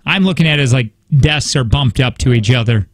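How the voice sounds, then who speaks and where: A man's voice: mid-range voice, brisk, dry recording. A man co-hosting a radio show in the studio, telling stories in a chatty, rambling way with many restarts. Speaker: radio co-host. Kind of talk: casual morning-show banter.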